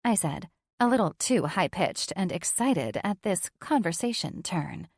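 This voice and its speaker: A woman's voice: fairly low pitch, animated, unhurried, no room sound. A woman reading a first-person audiobook in a frank, sardonic, unfiltered way, on a close studio mic. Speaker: audiobook narrator.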